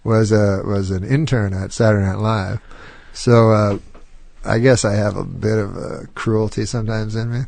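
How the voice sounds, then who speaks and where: Gravelly-voiced man telling rambling stories. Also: on the low side, steady tone, moderate pace, a little mellow. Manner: rambling anecdotes, laughs often, quotes others in put-on voices. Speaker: comedian guest. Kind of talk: casual storytelling chat.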